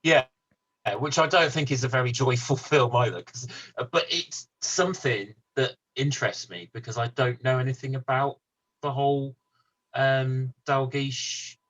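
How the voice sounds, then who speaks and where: A man co-hosting a casual podcast chat about football films, animated, laughing easily and stumbling over words. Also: mid-range voice, moderate pace, dull audio. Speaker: podcast co-host.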